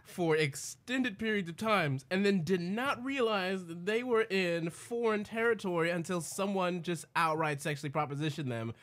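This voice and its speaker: A man's voice: high voice, a bit bright. A man hosting a comedy podcast, teasing his guest and riffing in casual chat. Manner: teasing, riffing, quick jokes. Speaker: podcast host.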